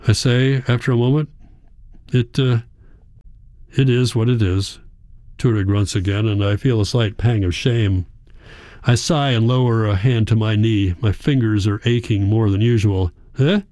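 Low, mellow-voiced male narrator. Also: no room sound, studio quality. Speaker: audiobook narrator. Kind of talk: scripted first-person narration.

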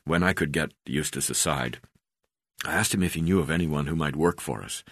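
A man reading his memoir aloud, in a halting way with frequent hesitations. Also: very deep voice, a bit bright, husky, no room sound, clean studio sound. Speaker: memoir narrator.

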